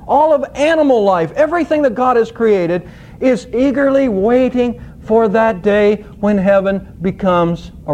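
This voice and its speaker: A male pastor preaching a sermon, teaching scripture with an expressive, emphatic storytelling manner. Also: very high-pitched.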